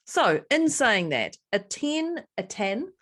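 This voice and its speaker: A woman's voice: fairly high pitch, very animated, takes it slowly, fairly bright tone. A woman co-hosting a podcast in casual chat. She laughs often and repeats her phrases as she talks. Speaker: podcast co-host.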